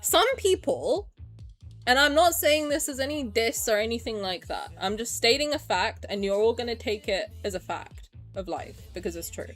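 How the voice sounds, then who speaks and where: A woman's voice: fairly high pitch, animated, normal speed, fairly bright tone, faint music behind. A young English woman streaming live, chatting frankly and emotionally, ranting and swearing as she greets her viewers. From England. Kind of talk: casual livestream chat.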